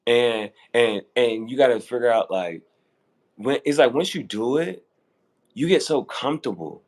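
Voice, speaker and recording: Animated man telling stories casually. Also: medium pitch, normal speed. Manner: animated storytelling, acting out quoted voices. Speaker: guest on fashion talk show. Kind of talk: casual conversation.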